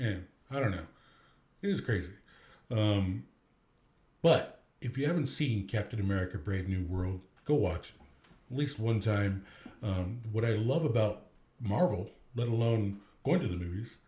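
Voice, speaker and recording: Casual male podcast host, mid-pitch, loose rambling delivery, roomy echo. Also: darkish tone. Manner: rambling, frequent restarts and fillers. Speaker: movie review podcast host.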